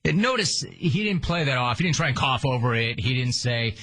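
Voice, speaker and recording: A man's voice: mid-range voice, animated, a little fast, a bit bright, slight background noise. A man hosting a sports talk radio show, sarcastic and emphatic in a punchy monologue.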